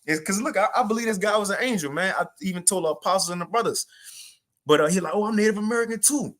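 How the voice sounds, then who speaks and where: A young man giving a livestreamed spiritual testimony, telling the story in an animated, repetitive way with casual slang. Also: high voice, fast. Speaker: spiritual teacher sharing a testimony.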